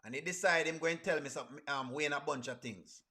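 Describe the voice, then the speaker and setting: Bright, high Jamaican man streaming. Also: fast talker. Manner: asks the chat rhetorical questions, creole grammar. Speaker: reaction streamer. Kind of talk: casual live reaction commentary.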